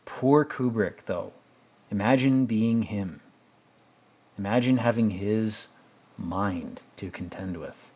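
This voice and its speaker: A man's voice: lowish voice, slow, a little mellow. A man hosting a casual film commentary, rambling and stammering with joking asides. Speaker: host.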